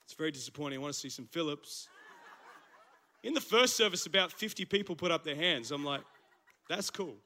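A man with an Australian accent preaching a casual, animated sermon in church, his voice husky from the flu. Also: on the high side, fast talker. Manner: conversational, animated preaching with slang asides. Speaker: pastor. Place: church service.

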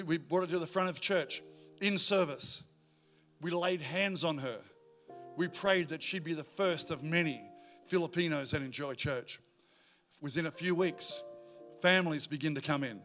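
A male pastor, preaching a sermon in a church in a joking, energetic way. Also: a little high, normal speed, faint music behind. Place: church auditorium.

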